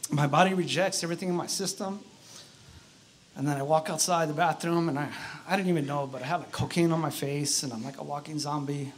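A man giving his personal testimony at an outdoor church service, speaking in an earnest, halting way with many fillers. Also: fairly high pitch, fairly even intonation, slight background noise. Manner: halting, earnest, frequent "you know" fillers.

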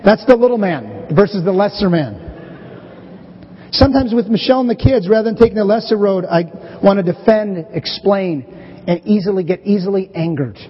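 A middle-aged pastor delivers a sermon in a chatty, storytelling way. His voice sits very high for a man and has a husky edge. The recording is dull and muffled, and it rings with the long reverb of a large hall. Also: moderate pace. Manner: conversational, animated storytelling preacher. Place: church sanctuary.

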